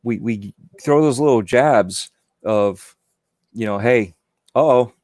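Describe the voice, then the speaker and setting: A man's voice: on the low side, slow pace, darkish tone, no room sound, clean studio sound. A man talking as a guest on a casual podcast, rambling and repeating himself with many "you know"s. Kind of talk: casual chat.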